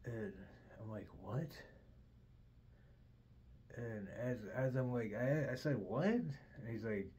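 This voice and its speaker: A man's voice: medium pitch, takes it slowly, pauses often, dark tone, slight background noise, poor audio. A middle-aged man hosting a podcast, rambling through a casual story with constant swearing and "dude". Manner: profane, says "dude" constantly. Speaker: podcast host.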